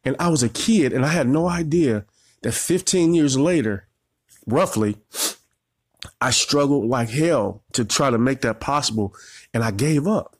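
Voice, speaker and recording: A man's voice: mid-range voice, animated, unhurried, slightly rough, no room sound, clean studio sound. A man in his forties, a marketing coach, giving an emotional motivational talk, holding back tears and repeating phrases as he tells his story.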